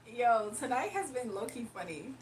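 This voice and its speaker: Woman, livestream host, giggly, reads chat aloud, fairly high voice, faint hiss.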